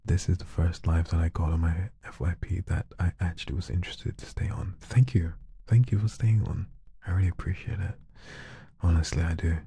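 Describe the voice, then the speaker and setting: A man chatting casually on a live stream, soft-spoken and shy, often slipping into whispers. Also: sits low, level tone, brisk, creaky, slightly rough. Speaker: live streamer and hobby voice artist.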